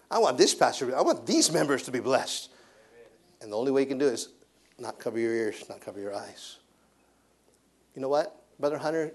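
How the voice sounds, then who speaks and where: A man preaching a sermon in a church, repeating his points and swinging from hushed to loud. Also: mid-range voice.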